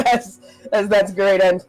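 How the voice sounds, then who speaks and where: A woman playing a tabletop game online, chatting excitedly with the table and laughing often. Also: mid-range voice, crowd noise. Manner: excitable, laughing, quick back-and-forth. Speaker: player. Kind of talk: casual tabletop game chat.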